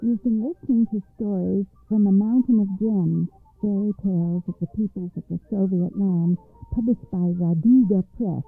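Gravelly woman narrating a fairy tale. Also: medium pitch, faint music behind. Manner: measured, expressive storytelling. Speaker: radio storyteller and host. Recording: dry, tinny phone-like radio sound.

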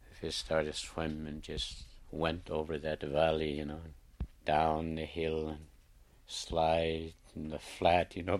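Man, very low voice, oral folktale, plain unhurried telling. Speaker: storyteller. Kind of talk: traditional oral storytelling.

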